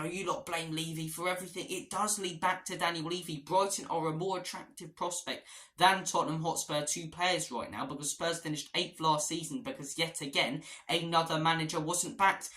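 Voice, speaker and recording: A man's voice: on the high side, brisk, sharp tone. A man, a football fan vlogger giving transfer news in an exasperated, repetitive rant. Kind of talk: ranting transfer-news vlog. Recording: roomy echo.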